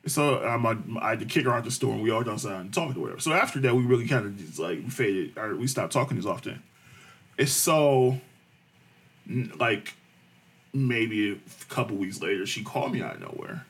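A man telling a profane, animated story in casual chat, acting out the people he quotes. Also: mid-range voice, fairly quick, breathy edge.

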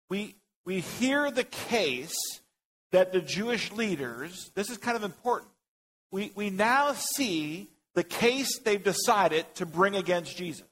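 A man's voice: high-pitched, fairly bright tone, rough recording. A man teaching a Bible class in a casual way, joking, thinking aloud and calling on people in the group.

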